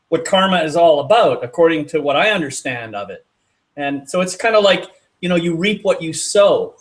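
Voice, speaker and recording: A man hosting a casual talk show, relaxed and rambling, with fillers and restarts. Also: on the high side. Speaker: host. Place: outdoors in a city at dusk.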